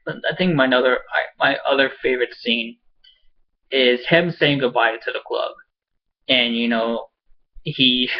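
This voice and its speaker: A man casually recapping a TV episode at home, excitable and swearing, rambling with lots of fillers. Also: mid-range voice, highs cut off. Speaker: show reviewer. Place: home with a pet cat.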